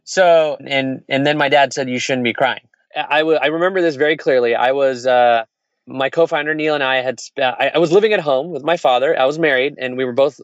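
A man and entrepreneur telling candid stories in casual conversation, frank and animated, acting out quoted voices. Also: medium pitch, no echo, lo-fi sound.

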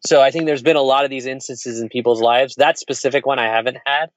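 A man's voice: medium pitch, fairly even intonation, fast talker, no room sound. A man, an entrepreneur, telling a personal story in casual conversation, rambling and candid. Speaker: entrepreneur sharing stories. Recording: dull, lo-fi sound.

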